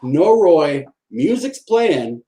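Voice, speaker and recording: Mellow-voiced man telling a ghost story. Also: on the high side, drawn-out words, roomy sound, low-quality recording. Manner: animated storyteller acting out quoted dialogue. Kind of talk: storytelling in a casual interview. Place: home, on a live video stream. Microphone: video call.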